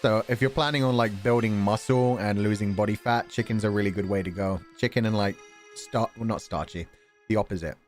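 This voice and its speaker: A man's voice: lowish voice, brisk, soft background music. A man streamer in a casual chat, reading out donation messages, playful with words and swearing casually.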